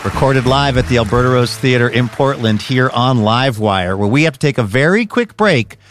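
A man hosting a radio show, reading scripted links and previews with a smooth, upbeat announcer delivery. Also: medium pitch, lively intonation, a little fast, music in the background.

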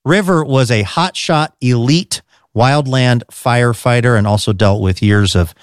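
A man's voice: medium pitch, unhurried, dry recording, studio quality. Upbeat male radio show host. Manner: smooth, upbeat announcer delivery. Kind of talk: scripted radio hosting.

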